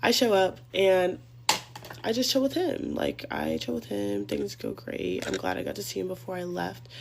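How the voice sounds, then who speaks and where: Young woman, chatty storytime vlogger, gravelly fry, faint hum behind. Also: medium pitch, sing-song, normal speed. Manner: chatty, rambling, profane. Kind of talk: casual storytime vlog.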